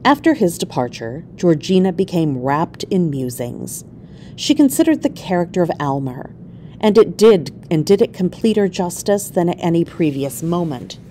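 A woman reading a classic short story aloud in an expressive, measured way. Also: fairly low pitch, a little hiss or hum. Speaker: reader.

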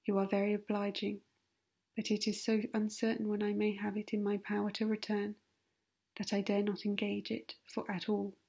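A woman's voice: medium pitch, monotone, moderate pace, vocal fry, darkish tone, slightly rough. A woman voicing a reserved, grave middle-aged colonel who speaks formally and with restraint, in a whispered role-play. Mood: restrained.

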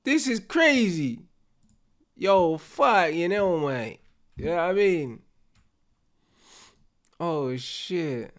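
A young man, reacting live to a football match with loud, slangy banter and frequent laughter. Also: fairly high pitch, lively intonation, drawn-out words, pauses often.

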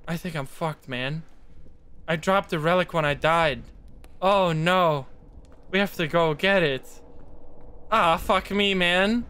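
A male streamer gives live gameplay commentary in a voice that sits a little high for a man. He talks excitably, swears freely and chants to himself under pressure. His tone is bright and forceful. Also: unhurried, smooth.

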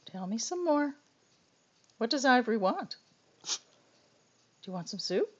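A woman coaxing her pet dog in sing-song baby talk, swinging from loud to hushed, on a dull lo-fi home video. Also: fairly high pitch, big pitch swings, takes it slowly, husky. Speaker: dog owner.

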